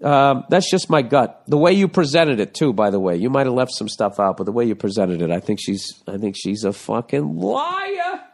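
A man's voice: mid-range voice, big pitch swings, moderate pace, gravelly, hardly any pauses. A man hosting a casual comedic monologue, reading a listener's letter and answering in a blunt, profane, ranting way. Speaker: podcast host giving advice.

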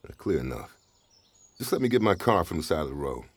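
A chatty, wry father down on his luck, cracking jokes as he goes. His voice sits very low but swings widely in pitch, recorded close and dry. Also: very animated, quick pace, slightly rough, dry recording, exaggerated voice. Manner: wisecracking, talkative, laughs often. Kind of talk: radio drama acting.

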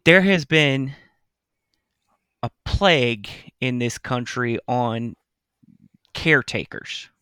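A man's voice: mid-range voice, lively intonation, slow pace, long pauses, bright, forceful tone, clean tone, no room sound. A man co-hosting a comedy podcast, teasing and playful in casual chat. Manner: teasing, playful, often laughing. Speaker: podcast co-host.

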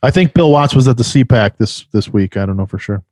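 A man's voice: medium pitch, lively intonation, brisk, a little mellow, no room sound, clean studio sound. A man co-hosting a podcast, joking wryly and swearing casually. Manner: wry, joking, profane. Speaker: podcast co-host. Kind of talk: casual chat.

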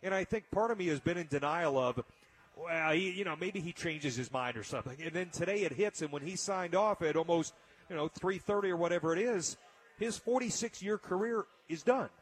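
Radio host, man, slightly husky, heartfelt storyteller. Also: sits high, a little fast. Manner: storytelling, emotional, frequent restarts. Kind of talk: casual radio chat.

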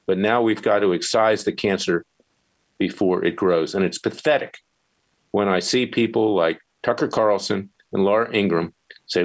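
A male talk radio host with a very low voice delivers a heated, opinionated monologue. He talks in a combative, emphatic way and pushes each point hard. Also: rough recording.

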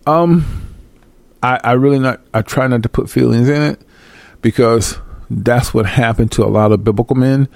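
A man's voice: mid-range voice, moderate pace, gravelly, darkish tone, no room sound. A man hosting and answering viewer questions, talking in a blunt, profane, streetwise manner. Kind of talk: casual live commentary.

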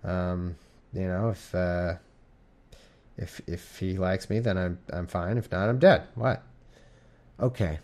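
Man, mid-pitch, reads Bible passages and riffs on them, irreverent, swears, loses his place. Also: fairly even intonation, takes it slowly, pauses often, a little mellow. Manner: rambling, irreverent, swears, stumbles over names. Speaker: reader and commentator. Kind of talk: casual Bible reading with commentary.

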